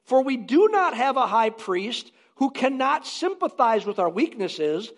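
A man with a strikingly high voice preaching to his congregation. He is emphatic and drives points home by repeating short phrases. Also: very animated, measured pace, hardly any pauses, fairly bright tone. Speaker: pastor. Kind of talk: sermon.

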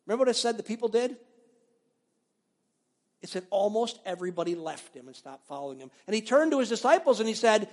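High-voiced pastor preaching in a reverberant hall. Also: male voice, fast talker. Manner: animated storytelling, acting out biblical voices, dropping to near-whispers. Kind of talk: sermon.

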